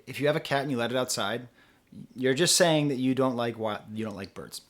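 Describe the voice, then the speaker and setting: A man's voice: medium pitch, fairly quick. A young man talking through an album review off the cuff, with rambling asides and self-interruptions. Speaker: music reviewer. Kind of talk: casual unscripted review.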